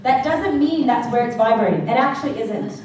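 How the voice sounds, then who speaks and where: A woman vocal coach teaches a worship singing class in what sounds like a classroom or church hall, chatty and playful, singing short examples and vocal exercises for each point. Her voice is on the high side, animated and brisk with a darkish tone. A handheld mic captures her from far off in an echoey room with faint background noise.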